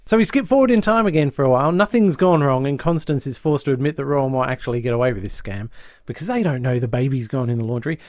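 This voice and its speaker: A man co-hosting a podcast, recapping a sitcom plot in lively casual chat and dropping into quick voices for the characters. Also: medium pitch, no echo, studio quality. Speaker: podcast co-host.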